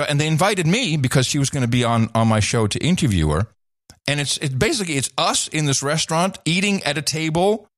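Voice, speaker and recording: A man's voice: medium pitch, no room sound, studio quality. A middle-aged man and host telling a story in casual chat. He rambles, restarts his sentences often and laughs now and then. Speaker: podcast host and former radio/TV host.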